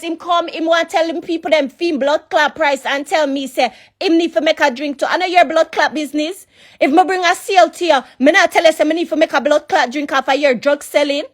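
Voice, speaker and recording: Woman, Jamaican accent, high-pitched, furious cursing voice-note rant. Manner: heated, cursing, repetitive. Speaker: person in a leaked voice note. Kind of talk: angry ranting voice note.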